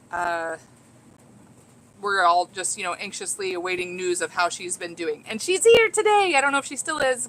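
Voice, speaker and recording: On a casual home livestream, a woman vlogger reads viewer comments aloud, giddy and laughing often. Her mid-range voice is bright and forceful, and the recording is rough.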